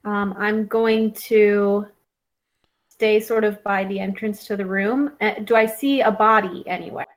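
A woman takes part in a tabletop game, speaking for her character. She talks very slowly and gently. She often pauses on fillers before going on. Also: medium pitch, fairly even intonation, low-quality recording. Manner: slow, hesitant, gentle, full of pauses and fillers. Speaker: player.

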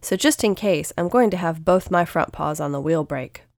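A woman voicing a gruff, cautious male rabbit who looks out for the children in a storybook. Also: fairly low pitch, lively intonation, normal speed, darkish tone, no room sound, clean studio sound. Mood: dry.

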